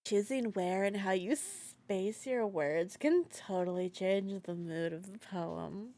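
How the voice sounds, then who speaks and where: A woman voicing a calm, soft-spoken teenage girl who leads a school club, reading game lines in a slow, hushed, half-whispered delivery. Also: medium pitch, no echo. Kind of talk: reading game dialogue aloud.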